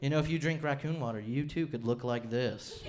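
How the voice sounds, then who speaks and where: A young man from Utah performing a stand-up comedy set on a club stage with a handheld mic. He is chatty and self-deprecating, and he slips into quick impressions of his family. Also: medium pitch, very noisy. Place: comedy club stage before a laughing audience.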